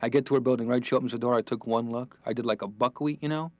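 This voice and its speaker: A man's voice: mid-range voice, fairly even intonation, a little mellow, no echo. A man doing a stand-up comedy routine, telling jokes and acting out quotes from the people in them. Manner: rapid joke-telling with acted-out quotes. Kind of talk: stand-up routine within a sitcom.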